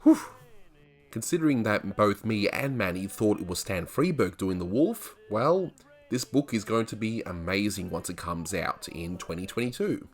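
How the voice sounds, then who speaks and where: A man hosting a casual chat, relaxed and conversational. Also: lowish voice, normal speed. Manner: relaxed, conversational, some restarts. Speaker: host.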